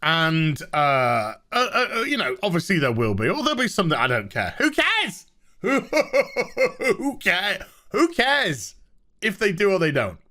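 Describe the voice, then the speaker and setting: A man's voice: fairly high pitch, wildly swooping pitch, moderate pace, hardly any pauses, sharp tone. A man ranting sarcastically in an exasperated review vlog about a TV episode. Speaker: TV show reviewer.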